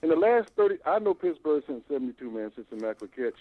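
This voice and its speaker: An older man calling in by phone to a fan show, talking in a long, animated, stammering rant. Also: on the high side, rapid-fire. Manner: animated, repeats himself, stammering restarts. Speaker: phone-in caller. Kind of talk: rambling call-in rant. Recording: tinny phone line, dry.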